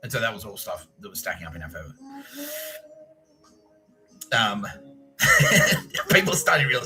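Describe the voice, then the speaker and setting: A man's voice: on the low side, normal speed, pauses often, soft background music. A middle-aged Australian man hosting a podcast, telling stories in a casual way, swearing, laughing and acting out voices. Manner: animated, swearing, laughing often, acts out voices in his stories. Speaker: podcast host. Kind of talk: casual storytelling.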